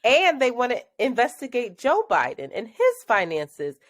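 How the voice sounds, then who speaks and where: A woman co-hosting a podcast in casual chat, animated and laughing as she talks. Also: fairly high pitch, normal speed, no room sound. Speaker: podcast co-host.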